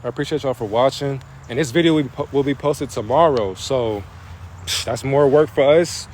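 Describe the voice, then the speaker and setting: A man's voice: mid-range voice, moderate pace, noisy background. A man delivering a rambling, profane spiritual monologue into his phone, preaching in a casual way. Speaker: spiritual vlogger.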